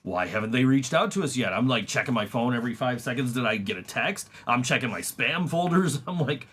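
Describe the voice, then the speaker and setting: A podcast host and band member with an expressive, mid-range voice, fairly bright and slightly breathy, chats a little fast about his band. He laughs often, swears freely, and restarts a lot in this casual conversation.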